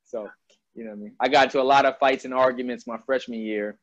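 A man's voice: mid-range voice, steady tone, fast. A man from Albany hosting a casual interview, talking loosely and often checking in with "you know what I mean". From Albany, New York. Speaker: interview host. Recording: dull dry lo-fi sound.

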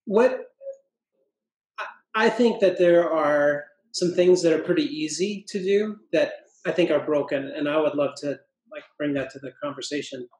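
A man with a notably high speaking voice talks through an idea on a church podcast, full of restarts and asides, drawing out quoted scripture slowly. His voice rings around a roomy, echoey space. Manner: animated, thinks aloud with restarts, quotes scripture in slow emphasis. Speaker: pastor co-host of a church podcast. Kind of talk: casual podcast discussion. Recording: roomy echo.

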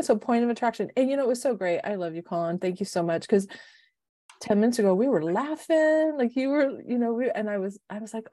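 A woman's voice: fairly high pitch, brisk, dry recording. Emotional, rambling middle-aged woman, dry sound. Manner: emotional, rambling, animated self-talk. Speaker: life coach and podcast co-host. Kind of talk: casual podcast chat.

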